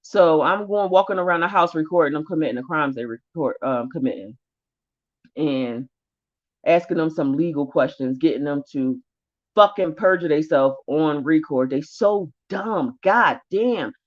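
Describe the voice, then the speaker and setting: Woman vlogger, low voice, blunt and profane storytelling; dull lo-fi recording. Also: moderate pace. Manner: profane, blunt, rising anger. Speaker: vlogger telling her eviction story. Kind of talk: heated casual storytelling.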